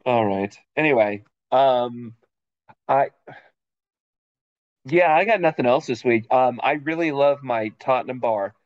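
A man's voice: mid-range voice, a little slow, long pauses. Joking, rambling man, slightly dull sound. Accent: Boston. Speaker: podcast co-host. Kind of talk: casual chat.

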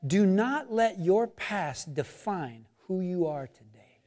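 A male pastor preaching a sermon in an animated, conversational way, acting out imagined inner voices and moving between loud emphasis and quiet, intimate asides. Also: sits high, slow.

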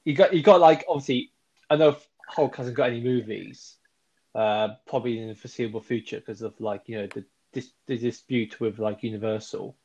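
This male podcast co-host rambles enthusiastically through casual film reviews, self-correcting as he goes. His medium-pitched voice is fairly quick, darkish, and breathy-edged, and the recording has its highs cut off.

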